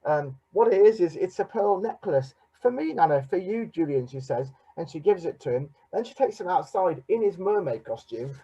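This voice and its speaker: A man with an English accent, a teacher giving a presentation over a video call, reading picture books aloud in an animated way with many fillers. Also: high voice, moderate pace, hardly any pauses, breathy edge, lo-fi sound. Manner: animated storyteller with many "you know" and "uh" fillers.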